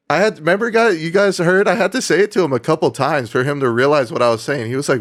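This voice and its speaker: A man's voice: on the high side, fast, few pauses. A young man live-streaming in a casual chat, swearing freely, laughing often and reading out viewer donations.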